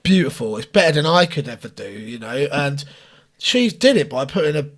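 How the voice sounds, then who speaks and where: A man co-hosts a casual podcast, chipping in with quips and stories. His voice is husky and a touch high, and its pitch swings widely as he talks. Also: sing-song, normal speed, fairly bright tone. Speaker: podcast co-host. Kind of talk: casual chat.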